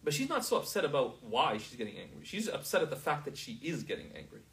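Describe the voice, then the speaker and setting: A man's voice: medium pitch, big pitch swings, fast talker, fairly bright tone, far from the mic, poor audio. A man teaching a class in a casual, conversational way, often checking whether his students understand.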